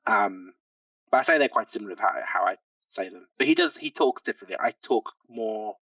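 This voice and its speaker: Hesitant and full of ums and restarts, a male podcast guest gropes for words in a casual, reflective chat, laughing easily. He speaks a little fast in a lowish, fairly bright voice. A distant mic gives a dry sound with no echo.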